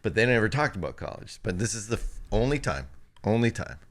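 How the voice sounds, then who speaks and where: A man's voice: on the low side, a little fast. A man, a pastor co-hosting a podcast, telling family stories in casual conversation and quoting his relatives. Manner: animated anecdotes, quoting family members.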